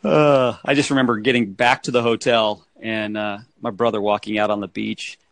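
Gravelly-voiced man telling stories casually. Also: on the low side, flat delivery, normal speed, a bit bright, no room sound. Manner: rambling, laughs often, restarts. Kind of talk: casual storytelling chat.

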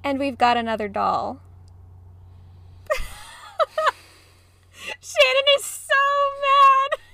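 A woman's voice: high-pitched, wildly swooping pitch, very slow, creaky, sharp tone, dry recording. A young woman co-hosting a casual podcast from home over a video call, bubbly, giggling and apologetic. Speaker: podcast co-host. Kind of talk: casual chat. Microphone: close podcast mic.

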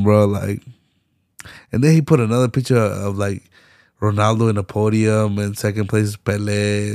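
This podcast host is a young man with a fairly low, darkish voice and noticeable vocal fry. He rants casually and solo, heavy on slang, cursing and laughter, in a studio-quality recording with no echo.

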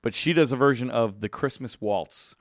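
A man's voice: mid-range voice, normal speed, no room sound, studio quality. A man co-hosting a podcast in casual chat, enthusiastically recommending music. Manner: enthusiastic, chatty song recommender. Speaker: podcast co-host.

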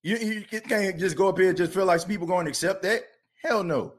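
A fired-up man rants on a sports podcast. His voice sits high for a man, and he keeps circling back and repeating himself as his passion builds. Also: brisk. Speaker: podcast host.

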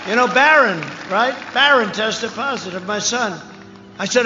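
A man delivers a rambling rally speech in a fairly high voice, with mocking asides and the odd shouted line. The sound is dull and lo-fi, with a long reverb over it. Music plays clearly behind him. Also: fairly quick, a crowd in the background. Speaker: political candidate speaking at a rally. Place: large rally venue.

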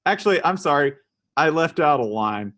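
A man's voice: on the high side, expressive, moderate pace, a bit bright. A man hosting a comedic podcast, joking around and laughing often. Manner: jokey, laughs often, bursts into silly voices. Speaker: podcast host.

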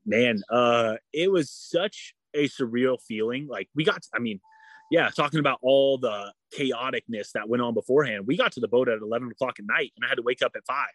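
A man's voice: medium pitch, a little fast, fairly bright tone, no room sound. A man telling a long personal story in a casual interview, full of fillers and restarts. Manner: rambling, frequent "like" and "you know" fillers. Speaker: endurance athlete guest.

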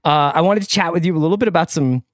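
A man hosting a podcast, chatting in a relaxed, playful way and introducing the show. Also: on the high side, very fast, no room sound, studio quality. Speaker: podcast host. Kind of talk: casual chat.

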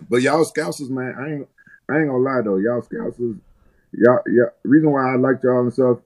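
A man's voice: medium pitch, normal speed, darkish tone, poor audio. A man from the United States, a guest in an interview, telling rambling, profane stories with many restarts. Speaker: guest fighter. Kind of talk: casual interview storytelling.

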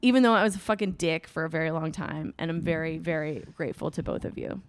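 A woman's voice: low voice, fast talker, a little hiss or hum. A woman comedian chatting as a podcast guest, telling a story with lots of laughs and swearing. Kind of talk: casual podcast chat.

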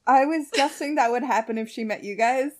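A young woman with a high voice narrates a fan fiction aloud for a comedic show. She reads quickly and keeps breaking off to laugh and comment on the story. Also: darkish tone.

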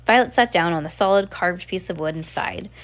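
A woman's voice: lowish voice, brisk. Casual amateur woman reader, stumbles and rereads. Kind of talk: casual read-aloud of a novel.

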